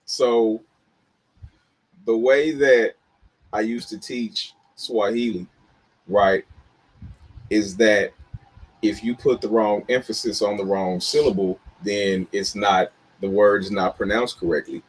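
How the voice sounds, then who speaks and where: Emphatic husky man co-hosting a chat. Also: fairly low pitch, steady tone, takes it slowly, long pauses. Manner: emphatic, lectures with stressed words. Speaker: podcast co-host. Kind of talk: casual chat.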